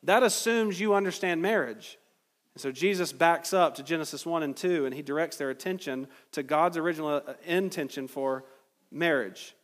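A man's voice: a little high, normal speed, fairly bright tone, long reverb tail. A man preaching a sermon as pastor, talking in a loose conversational way with sarcastic asides.

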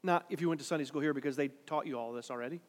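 A man preaching a sermon in a dramatic way, swinging between quiet, drawn-out lines and loud, urgent ones. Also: on the high side, big-room sound. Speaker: pastor.

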